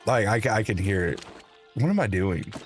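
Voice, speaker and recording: A man hosting a live gaming stream, chatting casually with viewers and laughing at himself in a playful, animated way. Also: fairly low pitch, moderate pace, soft background music. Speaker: livestream host. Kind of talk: casual chat while gaming.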